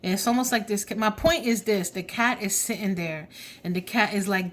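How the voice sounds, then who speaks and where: A woman's voice: medium pitch, normal speed, a little hiss or hum. A woman giving a casual tarot reading, blunt and chatty, with slang asides. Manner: drops to a soft whisper when asking spirit. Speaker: tarot reader.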